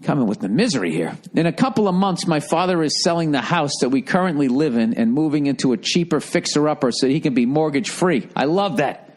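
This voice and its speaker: A middle-aged comedian hosting a podcast rants in a voice on the high side, animated and fairly quick. The rant rambles and is comedic and profane, and he uses sarcasm and mocking voices to make fun of people.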